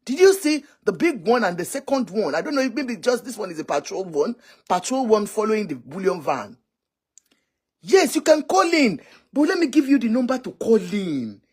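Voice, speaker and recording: A woman's voice: medium pitch, very animated, moderate pace, darkish tone, slightly rough. A Nigerian woman giving exclamatory, scolding political commentary on a live stream. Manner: scolding, exclamatory, switching languages.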